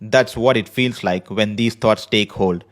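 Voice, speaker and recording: A man hosting a podcast, speaking in an earnest, measured personal monologue from a prepared script. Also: on the low side. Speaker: podcast host. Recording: podcast voice recording.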